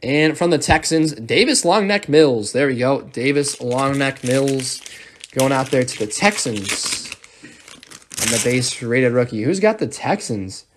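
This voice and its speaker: A man's voice: mid-range voice, lively intonation, measured pace, background noise. A young man hosting a live sports card break, rattling off player names and thanking viewers as he opens packs.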